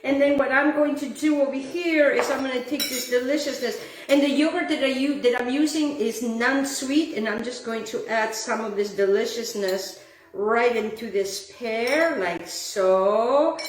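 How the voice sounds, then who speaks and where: A woman's voice: on the high side, measured pace, recorded from a distance. Gushing woman cooking in an echoey kitchen. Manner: effusive, gushing, sometimes sings phrases. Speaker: cooking show host. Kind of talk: home cooking demonstration. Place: home kitchen. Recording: echoey room with faint background noise.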